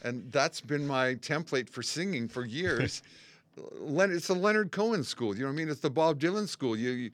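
An older man from Canada, a musician guest spinning animated stories in a casual chat and acting out the people he quotes. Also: fairly high pitch, normal speed, no room sound. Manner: animated storyteller, acts out quotes and sings snippets. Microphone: studio mic.

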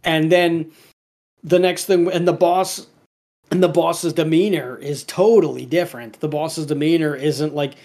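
A man's voice: fairly high pitch, fairly even intonation, a little slow, a little mellow. Rambling man retelling a cartoon. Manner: rambling, many fillers and restarts. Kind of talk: casual chat, retelling a cartoon episode.

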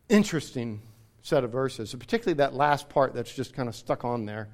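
A man's voice: medium pitch, lively intonation, moderate pace. A man preaching a sermon, explaining scripture and reading passages aloud with emphasis. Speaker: pastor.

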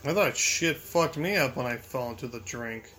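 A man's voice: mid-range voice, expressive, normal speed, bright, forceful tone, slight background noise. A young man commentating his gameplay, frustrated, swearing and talking back at the game. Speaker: gamer.

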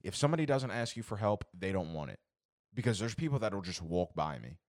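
Young man, deep voice, dry close sound, casual podcast rant, profane, exasperated. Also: big pitch swings, a little fast, dry recording. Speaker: podcast co-host.

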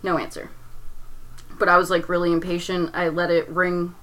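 Speaking at a moderate pace in a fairly low, level, slightly bright voice, a young woman recounts something painful from her life. Her telling wanders, she says "like" constantly, and she restarts sentences as the strain shows, all captured on a low-quality recording.

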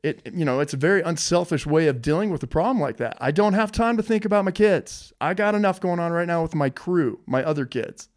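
A man's voice: a little high, animated, a little fast, hardly any pauses. Emphatic admiring male podcast host. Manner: admiring, emphatic, repeats phrases. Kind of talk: interview chat.

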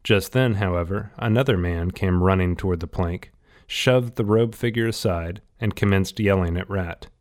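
A man reading a novel aloud in steady, scripted audiobook narration. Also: low voice, moderate pace.

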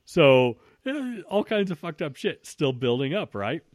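A man's voice: fairly high pitch, very animated, measured pace, no echo, clean studio sound. A man telling a long story in a casual, profane way, with many restarts. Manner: profane, rambling with frequent restarts.

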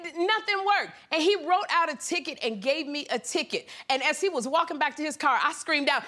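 A woman talk show host doing a comedic monologue on the news, animated and laughing, slipping into squeaky high impressions. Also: fairly quick, few pauses, some chatter behind. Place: television studio with live audience. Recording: studio audience cheering and noise behind.

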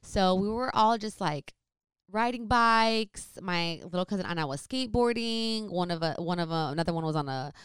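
A young woman tells a story in easygoing, chatty talk. Her voice sits low and smooth. The recording is dry and close, with no room sound. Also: normal speed, dry recording. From San Francisco Bay Area, California. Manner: chatty, lots of "like". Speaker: vlogger. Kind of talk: casual storytime chat.

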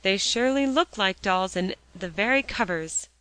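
A woman's voice: mid-range voice, lively intonation, moderate pace, fairly bright tone, clear, resonant tone, no room sound, lightly acted, low-quality recording. A woman voicing a curious young girl who teases and whispers conspiratorially. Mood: teasing. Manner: whispering, teasing.

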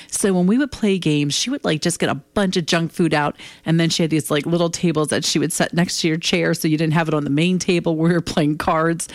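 A woman's voice: lowish voice, no room sound. A woman in her fifties hosting her own show, talking candidly and bluntly in a casual solo monologue, swearing freely and getting emotional. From United States. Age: 50s. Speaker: podcast host.

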